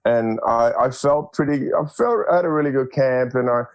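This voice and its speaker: An Australian man in his forties, a guest in a casual interview, speaking in a relaxed and halting way with many fillers. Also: mid-range voice, dry recording.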